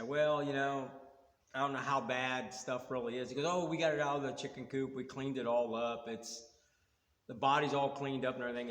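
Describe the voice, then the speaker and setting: A man's voice: mid-range voice, fairly bright tone. A man telling a rambling car story in casual talk, acting out both sides of old conversations. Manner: rambling, retells dialogue with quoted back-and-forth. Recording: echoey room with long reverb.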